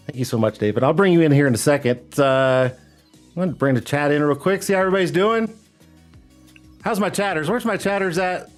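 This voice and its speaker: A man hosting a casual live stream, rambling and hyping up his chat with lots of "uh"s and laughs. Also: on the high side. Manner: loose, rambling, hype talk with frequent "uh" and laughs. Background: faint background music.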